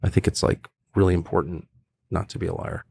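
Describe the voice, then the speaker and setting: A middle-aged man talking as a podcast guest, blunt and animated, acting out quotes with sudden high bursts. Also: brisk, creaky, husky, no echo. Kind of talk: casual conversation.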